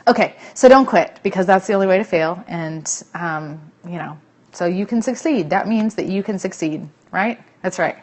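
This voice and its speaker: A woman's voice: lowish voice, normal speed, darkish tone. Chatty woman live-streaming. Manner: chatty, emphatic, with fillers. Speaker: network marketing team leader. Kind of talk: casual live-stream chat to viewers.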